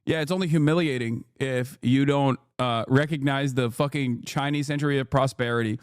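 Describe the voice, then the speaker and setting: A man in his thirties giving casual live-stream commentary, animated, emphatic and profane. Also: mid-range voice, normal speed, clear, resonant tone, no room sound, studio quality. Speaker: streamer reacting to news.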